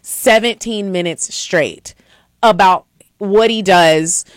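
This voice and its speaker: A woman's voice: mid-range voice, slow pace, no room sound, clean studio sound. A young woman co-hosting a podcast, telling a dating story in casual chat, acting out quotes with big jumps in her voice and swearing freely. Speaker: podcast co-host.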